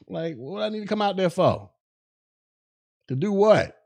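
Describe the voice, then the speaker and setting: Blunt, mocking podcast host with a higher voice. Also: male voice, expressive, measured pace, vocal fry, darkish tone. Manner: blunt, mocking, laughs at his own jokes. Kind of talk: casual commentary.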